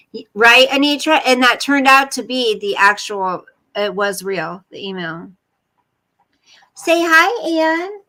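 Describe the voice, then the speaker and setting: Slow, bright-voiced woman streamer. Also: mid-range voice, rough recording. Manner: blunt, rambling, talks to chat and her pet. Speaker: livestream host. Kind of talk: casual livestream commentary. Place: home room.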